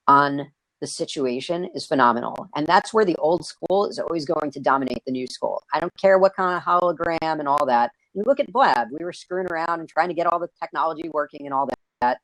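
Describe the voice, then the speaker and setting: Host type: an excitable man chatting over a video call, bouncy delivery, dry close sound. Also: on the high side, fairly quick, no echo, low-quality recording. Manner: energetic, excitable, raises his voice. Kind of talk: casual live video-stream chat.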